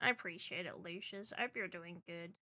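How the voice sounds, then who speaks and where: A woman streamer chatting casually and reading out chat, excitable and loud, swearing often. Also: on the low side, a little fast. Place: Brisbane.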